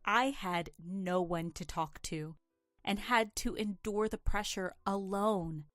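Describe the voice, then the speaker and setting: A woman narrating a first-person drama story in an earnest, emotional, measured way. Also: medium pitch, fairly bright tone, no echo, clean studio sound, faint music behind.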